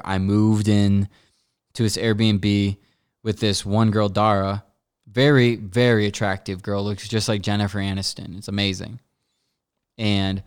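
Here a man hosts a podcast, his fairly low voice clear and resonant as he rambles through casual stories, leaning on fillers and acting out quotes in voices.

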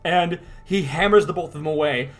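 A man's voice: on the high side, fairly quick, a bit bright. A man co-hosting a casual comic read-along podcast, wry and exasperated, swearing now and then. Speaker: podcast co-host.

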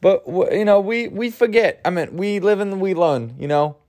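A man's voice: sits high, normal speed, a little mellow. A man hosting a solo comedy podcast, rambling and crude with self-mocking humor, groggy from an early start. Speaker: podcast host.

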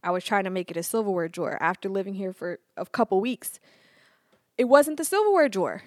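A woman hosting a casual solo podcast, animated and playful, laughing often and acting out little quotes. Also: mid-range voice, brisk, no room sound, clean studio sound. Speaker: podcast host.

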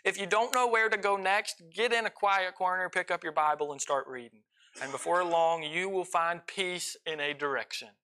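A man preaching a sermon with impassioned delivery, swinging between loud pleading and quiet intensity. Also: sits high. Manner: impassioned, rising and falling in volume; emotional.

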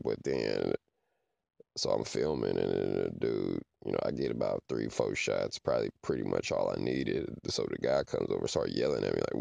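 A podcast host delivers a casual, rambling monologue, often checking in with "you know what I'm saying." He has a bass voice with vocal fry, a little mellow, and there's no room sound.

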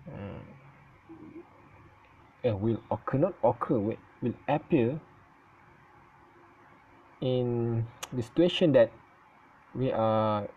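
A man whose first language is Malay talks very slowly in a low voice, halting and stuttering and often restarting his sentences. His casual vlog talk comes through on a dull, lo-fi home recording with faint ambient noise behind it. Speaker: vlogger. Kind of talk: casual spoken opinion recording.

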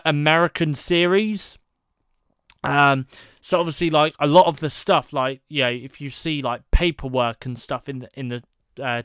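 A man's voice: a little high, fairly bright tone, clean tone, dry recording, studio quality. A British man hosting a casual solo podcast, talking in a rambling, conversational way with many fillers as he sits at his computer. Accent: British English. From Britain. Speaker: podcast host. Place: at home at his computer with his dog.

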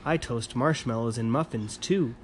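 A kindly winter dragon out of a bedtime storybook, as a man puts him on. He speaks gently and soothingly and means to keep the child safe, with a faint hiss of background noise. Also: mid-range voice, normal speed, natural voice. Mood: gentle.

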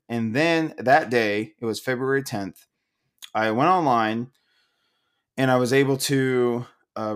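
A man co-hosting a casual podcast, ranting loudly and angrily with lots of swearing and laughter. He is a little drunk. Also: mid-range voice. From Oklahoma, USA. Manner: loud, profane, ranting, laughing. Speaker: podcast co-host.

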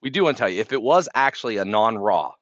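A man with a fairly low voice co-hosts a casual podcast, rambling playfully and laughing through his points. The sound is dull and lo-fi, dry and close. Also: lively intonation, fast, fairly bright tone, no room sound. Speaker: podcast co-host. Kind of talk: casual chat.

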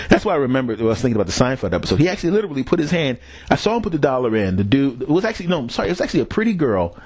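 A man's voice: mid-range voice, a little mellow, husky, no echo. A man hosting a podcast, telling a rambling, profane story in a casual solo monologue and chuckling at his own jokes. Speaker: podcast host.

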